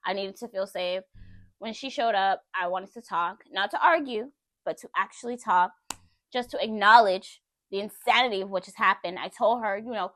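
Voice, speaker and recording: A woman's voice: mid-range voice, moderate pace, fairly bright tone, dry recording, studio quality. A woman telling a personal story to her viewers in a candid, conversational way. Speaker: vlogger.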